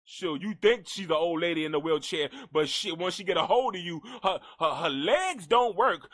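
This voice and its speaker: A high-voiced man hosts a comedic gossip show, riffing in an animated, profane way. His pitch leaps up and down as he repeats lines for effect. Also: measured pace. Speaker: host. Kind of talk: comedic celebrity gossip commentary.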